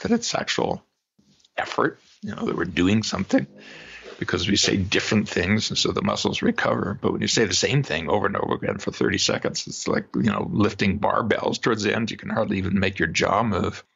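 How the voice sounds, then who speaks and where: A man, a psychologist guest on a podcast interview, explaining exercises in an animated way and demonstrating them aloud. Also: low-pitched, gravelly, slightly rough. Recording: dull lo-fi remote audio.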